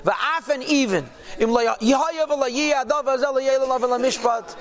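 A man teaching a Torah class, reading Hebrew and Aramaic phrases and translating them quickly into English, emphatic and repetitive. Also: very high-pitched. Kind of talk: Hasidic text class.

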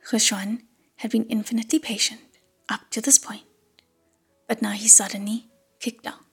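A woman's voice: a little high, level tone, normal speed, long pauses, a bit bright, soft background music. A woman narrating an audiobook chapter in a whispered role-play. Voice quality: breathy whisper.

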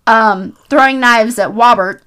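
A woman with a bright, fairly high voice tells a film's story in casual chat. She is animated and acts out what the characters say. Her recap bounces along like a story shared between friends. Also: measured pace, clear, resonant tone.

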